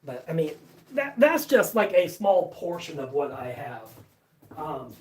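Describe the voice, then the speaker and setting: A live-stream host talks slowly and loosely from a basement workshop, full of fillers, restarts and offhand swearing. The voice sits at a middling pitch and sounds set back from the microphone. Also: sing-song, far from the mic. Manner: rambling, many fillers and restarts, casual swearing. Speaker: livestream host. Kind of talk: casual live-stream chat.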